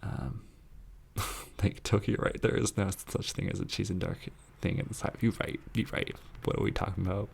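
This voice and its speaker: A man hosting a soft-spoken ASMR live chat, answering viewer messages in a tender, earnest, rambling way that drifts into whispers. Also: deep voice, fairly even intonation, moderate pace, creaky, husky. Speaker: ASMR channel host reading viewer messages.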